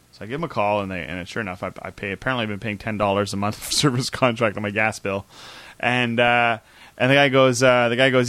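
A Canadian man in his thirties spins a story in casual podcast chat, acting out each quoted voice. His pitch sits in an ordinary middle range, and the recording is dry and close with no room sound. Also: brisk, dry recording. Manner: animated storyteller, acts out quotes, laughs often. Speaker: podcast co-host.

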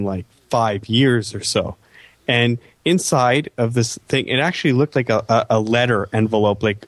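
A man chats casually in a wry, meandering way, circling back through his own asides. His voice sits at a middle pitch and is captured dry and close. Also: no room sound. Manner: wry, rambling, many restarts and asides. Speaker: podcast co-host. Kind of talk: casual chat.

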